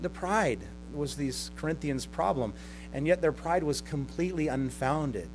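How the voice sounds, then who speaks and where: A man's voice: a little high, unhurried, over music. A man who is a pastor preaching a sermon to his congregation, talking in a conversational way with chuckles and sarcastic asides. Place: church service with a live congregation.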